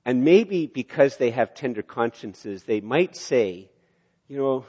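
A man's voice: mid-range voice, slow, breathy edge. Older male preacher in an echoing hall. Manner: animated, rises loud for emphasis, acts out quotes. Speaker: pastor. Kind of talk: sermon. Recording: long hall reverb.

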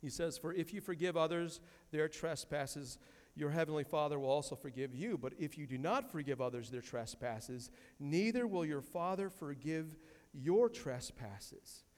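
A male pastor delivers a sermon in a somewhat high voice, leaning hard on repeated words and scripture quotes. His voice rings with a long reverb off the church sanctuary. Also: normal speed, darkish tone. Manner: emphatic, repeats key phrases, quotes scripture.

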